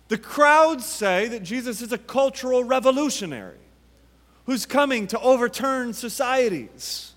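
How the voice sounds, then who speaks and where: Male pastor from the U.S., high-pitched, measured sermon delivery, long reverb of a big sanctuary. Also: a bit bright. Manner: emphatic, repeats rhetorical questions with dramatic pauses. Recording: long reverb from a large hall.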